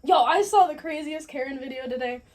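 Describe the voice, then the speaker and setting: A woman's voice: sits high, fairly quick. A woman hosting a casual mukbang chat in her home kitchen, chatty and laughing often. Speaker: host.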